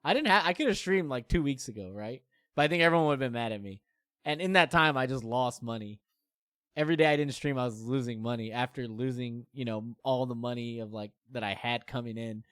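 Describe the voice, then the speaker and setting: A man's voice: medium pitch, brisk, a bit bright, no echo, clean studio sound. A man in his thirties streaming, chatting candidly and rambling with many fillers and self-deprecating asides. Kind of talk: casual chat to stream viewers.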